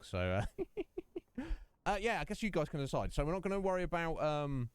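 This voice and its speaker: A male streamer chatting casually over gameplay, rambling and joking with his viewers. His voice is smooth and clear, with lively pitch, recorded close and dry. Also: normal speed, no echo. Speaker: streamer and host.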